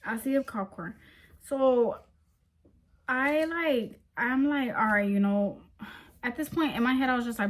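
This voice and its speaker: A young woman vlogger telling a story in casual storytime style, animated and full of slang, talking straight to her viewers. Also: on the high side, measured pace, long pauses.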